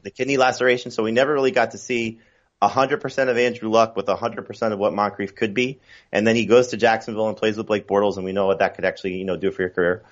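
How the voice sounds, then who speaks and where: A man's voice: fairly low pitch, level tone, fast, highs cut off. A man talking fantasy football as a podcast guest, chatty and full of fillers and restarts. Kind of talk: casual podcast chat.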